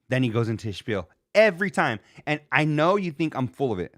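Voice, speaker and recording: A man's voice: mid-range voice, big pitch swings, quick pace, few pauses, fairly bright tone, no room sound, clean studio sound. A man hosting a casual live reaction stream, rambling and joking with plenty of fillers. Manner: loose, rambling, jokey, lots of fillers.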